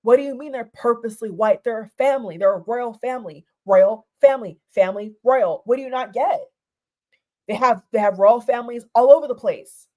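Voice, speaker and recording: Heated, slightly high-pitched woman ranting. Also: a little fast, warm tone. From Europe. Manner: heated, repetitive, stumbling restarts, swearing. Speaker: vlogger. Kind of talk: casual reaction rant.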